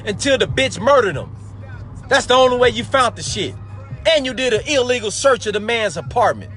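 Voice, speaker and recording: A man's voice: very high-pitched, sharp tone. A man hosting a live talk show, delivering an angry, profane commentary monologue and calling his listeners family. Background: faint background music.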